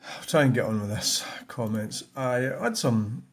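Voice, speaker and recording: A man's voice: mid-range voice, expressive, normal speed. Blunt older Scottish man muttering along. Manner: muttering, blunt, swears freely. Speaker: YouTuber giving a channel update. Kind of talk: casual rambling chat.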